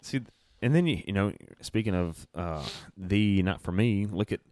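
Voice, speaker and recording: A man with a very deep, low voice rambles through opinions in a casual podcast chat, often restarting his sentences mid-thought. The sound is dry and close to the mic. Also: lively intonation, moderate pace, darkish tone, no echo. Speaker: podcast co-host.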